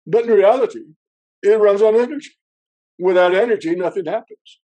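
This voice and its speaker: A pompous British finance minister on television, as a man puts him on, in a mock British accent. The voice sits far above the speaker's own and proclaims each phrase grandly, rising and booming. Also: brisk, dark tone. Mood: proclaiming.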